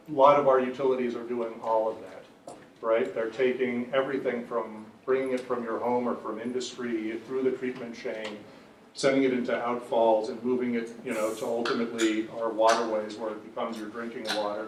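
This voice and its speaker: An animated man speaking on a conference panel, laughing often and tagging points with "right?". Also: mid-range voice, a little hiss or hum. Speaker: panelist, association executive. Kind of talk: panel discussion with a joke. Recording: roomy, distant mic, faint ambience.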